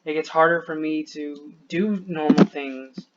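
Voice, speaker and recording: A man's voice: fairly high pitch, fairly even intonation, a little slow, a bit bright, dull audio. A man venting to the camera, short of breath, frustrated and rambling, swearing often and trailing off mid-sentence.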